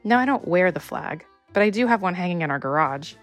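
A woman from Texas with a slight Texan accent narrates a feature in a lowish voice. Her telling is scripted, personal and reflective, with faint music under it. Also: expressive, brisk. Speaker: reporter and narrator.

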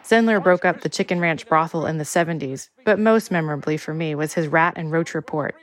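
A woman's voice: deep voice, a little fast. A woman from Texas with a slight Texan accent, narrating a radio feature in a personal, reflective way. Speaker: reporter and narrator. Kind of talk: scripted narration.

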